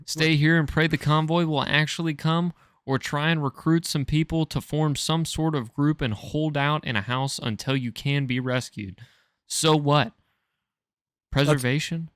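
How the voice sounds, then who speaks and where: A man's voice: a little high, steady tone, a little slow, a bit bright, smooth, dry recording, clean studio sound. A man co-hosting a podcast, reading a choose-your-own-adventure story aloud and stumbling over words with amusement.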